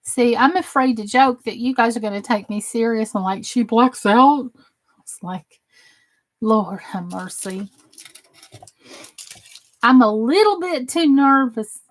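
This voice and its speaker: A woman's voice: a little high, expressive, a little slow, long pauses. A middle-aged woman with a Southern American accent, casually chatting and joking with viewers during a crafting livestream. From Southern United States. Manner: chatty and joking, reading out and answering viewer comments. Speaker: crafting channel host on a livestream.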